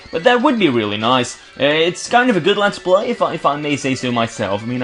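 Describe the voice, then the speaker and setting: With a slightly high voice and a fairly bright tone, a let's play commentator from Belgium narrates his gameplay casually. He frequently stumbles and restarts words, mixing in joking, sarcastic remarks.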